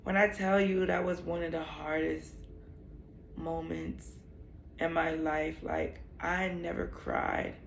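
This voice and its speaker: Candid young woman with a gravelly voice. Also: low-pitched, big pitch swings, slow pace, echoey room, a little hiss or hum. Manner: candid, emotional, rambling with many "like" fillers. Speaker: vlogger. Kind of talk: personal storytelling vlog.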